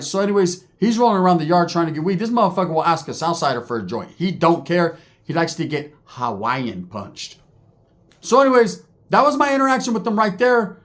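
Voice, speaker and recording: A man with a fairly high voice spins casual prison stories. His talk is loose, profane and full of street slang, sprinkled with Spanish words, and he slips into quick impressions of the people in his tales. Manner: acts out other people's lines in quick voices. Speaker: storyteller recounting prison life. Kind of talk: casual storytelling.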